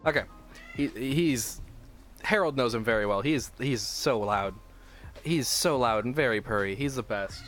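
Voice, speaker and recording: A man's voice: medium pitch, measured pace, fairly bright tone, faint music behind. Casual, swearing man thinking aloud. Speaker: streamer planning a tabletop setting. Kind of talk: casual live-stream chat. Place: his room at home.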